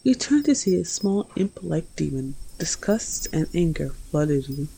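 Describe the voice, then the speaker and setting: A woman narrates a second-person romance story in a low, dark, gravelly voice. Her delivery is intimate and hushed, close and unhurried. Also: big pitch swings, slight background noise, poor audio. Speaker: reader.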